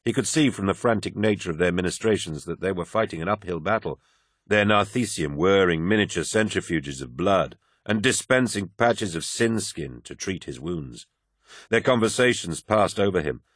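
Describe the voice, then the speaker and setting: A man giving grave, measured audiobook narration of a dramatic story. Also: sits low, expressive, no echo, studio quality.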